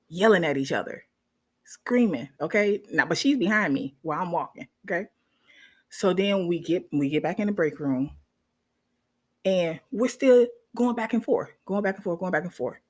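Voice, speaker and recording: A nurse with a lowish voice casually narrates a story for her viewers, keeping it animated and checking in with them frequently.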